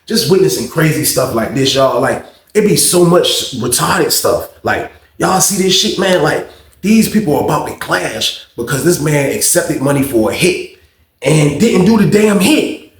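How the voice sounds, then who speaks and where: An animated man tells a story from prison in a loose, profane monologue, jumping into a higher, louder voice whenever he quotes someone. His voice is fairly high with a gravelly edge. The room around him is echoey. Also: moderate pace. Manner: animated, acts out quotes in a raised voice, heavy profanity. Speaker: storyteller recounting prison life.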